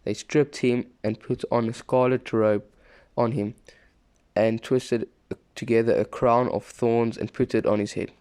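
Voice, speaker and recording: A man reading a scripture passage aloud, steady and plain, with the odd small slip and restart. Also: medium pitch, a little slow, clean tone. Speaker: scripture reader.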